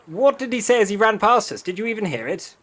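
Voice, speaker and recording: A man's voice: high voice, big pitch swings, quick pace, a bit bright, exaggerated voice. A man playing a polite, overly formal census taker with a British accent who keeps calling people sir. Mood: shocked. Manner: overly formal, keeps saying sir, swears when startled. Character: polite fussy Old West male census taker.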